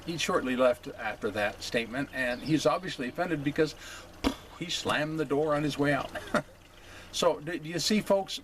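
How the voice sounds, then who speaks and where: A man hosting a casual opinion monologue. He talks haltingly, with many fillers, and keeps checking in with "okay?". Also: on the high side, fairly bright tone, slight background noise. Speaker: host.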